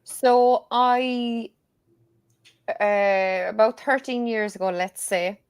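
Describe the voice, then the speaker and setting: A woman's voice: a little high, fairly even intonation, extremely slow, smooth, dry recording. A woman with a Cork Irish accent, chatting as a guest and telling stories with plenty of laughs. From Ireland. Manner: chatty storyteller, laughs often. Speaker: guest tarot reader. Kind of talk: casual chat.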